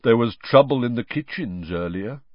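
A man's voice: medium pitch, expressive, normal speed, no room sound, muffled recording, natural voice. A man voicing a fussy, gossipy old male ghost in a storybook reading, in a genteel manner.

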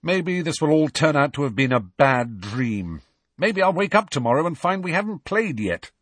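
A man's voice: on the high side, sing-song, normal speed, fairly bright tone, breathy edge, no echo, pitched above the performer's own voice, exaggerated voice. A man voicing a dismayed teenage girl team captain, speaking in a hollow, despairing way. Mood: weary.

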